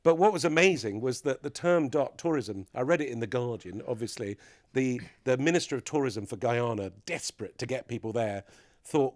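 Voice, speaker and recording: A man's voice: mid-range voice, expressive, fairly quick, dry recording, clean studio sound. A middle-aged man, a podcast guest, telling mischievous stories in casual chat and laughing often.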